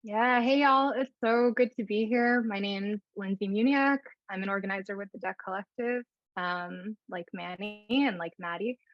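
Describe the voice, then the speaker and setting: A woman organizer speaking earnestly and thoughtfully on a panel call, often trailing off quietly. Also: medium pitch, moderate pace, dry recording, highs cut off.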